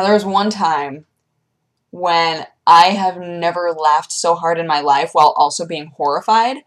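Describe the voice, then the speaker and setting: A young woman vlogger chatting casually, telling animated stories and jumping into high squeaky voices for her pets. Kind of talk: casual chat.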